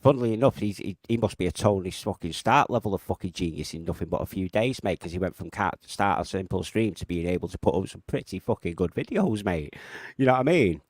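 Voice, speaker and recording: A man on a live stream, loud and backslapping, swearing and calling everyone mate. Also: deep voice, expressive, quick pace, no room sound, studio quality. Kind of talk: casual heated chat.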